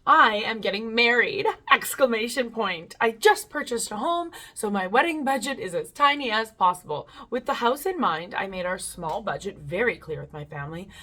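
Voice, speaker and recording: A woman's voice: mid-range voice, big pitch swings, normal speed, few pauses, a bit bright. Woman host, casual and rambling, swears freely, reads stories off the screen. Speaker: channel host reading online stories. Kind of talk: casual chat and reading aloud.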